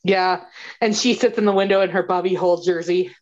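Low-ish woman's voice, podcast cohost retelling a movie, laughs a lot, kinda muffled lo-fi audio. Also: a little fast. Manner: animated retelling with laughter and quoted dialogue. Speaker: podcast co-host. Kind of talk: casual chat recapping a movie.

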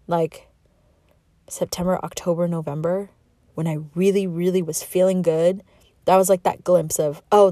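Mellow-voiced woman rambling on her podcast. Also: fairly low pitch, no echo, clean studio sound. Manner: rambling, heartfelt, self-reflective, with laughs. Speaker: podcast host. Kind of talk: candid solo podcast monologue.

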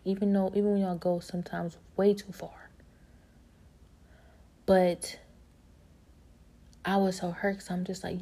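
A woman reflecting on a personal story in loose, informal speech, earnest and unhurried. Her voice sits a little low, stays fairly level in pitch, and sounds mellow and warm. She often drops to a soft whisper. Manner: casual, informal grammar, earnest.

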